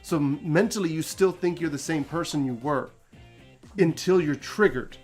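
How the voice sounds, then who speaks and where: A man's voice: fairly high pitch, moderate pace, a little mellow, faint music behind. A man hosting a casual story recap, talking animatedly, laughing often and acting out quotes. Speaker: host.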